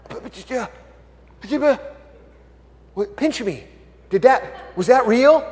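A man's voice: very high-pitched, slow pace, long reverb tail, pitched above the performer's own voice, full character voice. Man doing stammering, overjoyed shepherds. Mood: bewildered. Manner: stammering, then whooping with excitement. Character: startled, overjoyed male shepherds, excitable.

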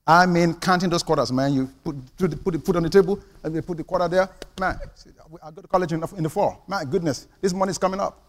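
An older man preaching a sermon, telling stories and swinging from hushed asides to loud punchlines. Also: fairly high pitch, fast. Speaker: pastor. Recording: long hall reverb.

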